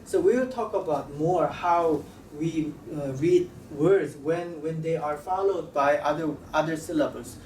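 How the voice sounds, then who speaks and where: A man teaching a language lesson, talking haltingly and repeating sounds to demonstrate them. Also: fairly high pitch, a little mellow. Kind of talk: classroom lecture at a board. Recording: roomy, slightly distant mic with faint room noise.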